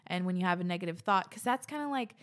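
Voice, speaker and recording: A woman's voice: fairly low pitch, lively intonation, fast talker. A woman hosting a podcast in a casual, gushing way, reading listener letters and reacting with lots of "like". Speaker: podcast host.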